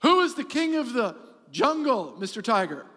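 A man's voice: very high voice, big pitch swings, moderate pace, pushed and bright, in a large hall, exaggerated voice. A man voicing a boastful male lion who demands to be called king of the jungle. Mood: demanding. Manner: proud, demanding questions.

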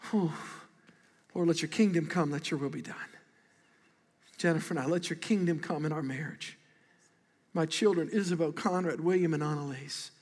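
A middle-aged man, a pastor, preaching an animated, conversational sermon and calling for responses from a large congregation. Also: on the high side, big-room sound. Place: large church auditorium.

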